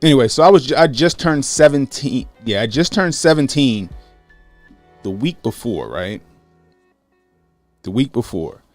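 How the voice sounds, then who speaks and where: A man in his late thirties from Baltimore, hosting a casual livestream, greeting chat viewers and telling a story with lively acted-out quotes. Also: medium pitch, unhurried, pauses often, faint music behind. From Baltimore, USA. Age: 30s. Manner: animated, acts out quotes, greets chat by name. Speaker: livestream host.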